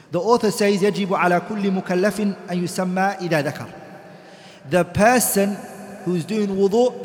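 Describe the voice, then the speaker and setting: A man teaching a classroom lecture, reciting Arabic text quickly and then explaining it in English, putting questions to the class. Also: high-pitched. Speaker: teacher of Islamic law. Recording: echoey hall.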